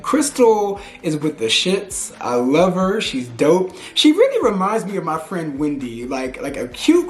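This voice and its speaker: A man from Houston giving frank, slangy, animated pop culture commentary in a casual vlog. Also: on the high side. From Houston, Texas. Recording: echoey room.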